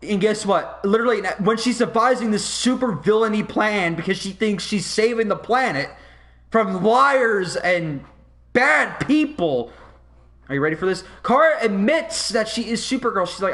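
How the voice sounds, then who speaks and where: Podcast host, male, high-pitched, heated swearing rants. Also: lively intonation, moderate pace, a bit bright. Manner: heated, swearing, ranting and acting out scenes. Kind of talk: casual podcast rant.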